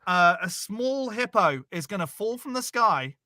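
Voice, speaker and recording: Sarcastic British man, bright and animated, casual livestream guest. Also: high-pitched, a little slow, dry recording, clean studio sound. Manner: sarcastic, laughing, exclaiming. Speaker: guest co-host. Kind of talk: casual livestream reaction chat.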